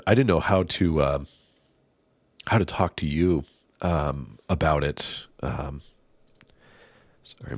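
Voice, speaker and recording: A man in his forties hosting a podcast, talking softly and gently, with some hesitation. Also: low voice, no echo. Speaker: podcast host. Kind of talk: reflective conversation.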